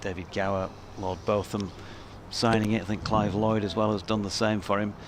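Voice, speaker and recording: A man's voice: fairly low pitch, flat delivery, normal speed. An English man commentating on cricket with enthusiasm, often restarting his sentences as he chats. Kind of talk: ball-by-ball commentary and chat. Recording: outdoor booth with clear background noise.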